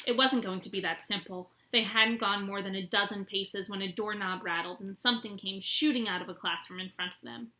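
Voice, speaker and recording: A woman's voice: mid-range voice, steady tone, brisk, few pauses, sharp tone. A woman teacher reading a children's book aloud expressively.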